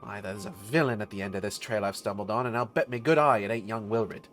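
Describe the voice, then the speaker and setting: A man voicing a gruff veteran male mercenary officer, talking bluntly with rough slang. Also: lowish voice, quick pace, fairly bright tone, faint music behind, natural voice.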